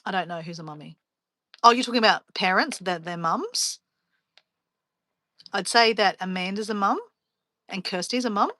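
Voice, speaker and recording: A woman travel vlogger chatting on a live stream, her voice bright and forward. She rambles through stories and laughs easily. The sound is close and dry, with no room around it. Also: medium pitch, moderate pace, long pauses, dry recording. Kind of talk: casual live stream chat.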